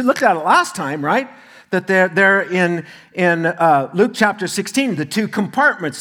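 A man's voice: high-pitched, fairly bright tone. A male pastor preaching a sermon in a conversational way, with asides to the congregation.

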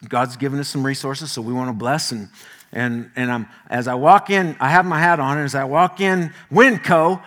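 A male pastor preaching a sermon, telling stories in a folksy, animated way with homely asides. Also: medium pitch, moderate pace.

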